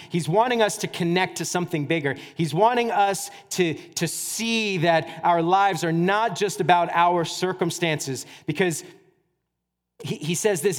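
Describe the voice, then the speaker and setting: A man pastor preaching a sermon in a conversational, animated way, with casual asides. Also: high-pitched. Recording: church hall reverb.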